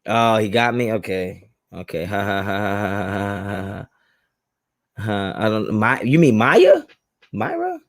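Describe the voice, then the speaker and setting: A young man, hosting a live stream and casually reading viewer chat, laid-back and slangy, laughing often and swinging his pitch up and down. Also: unhurried.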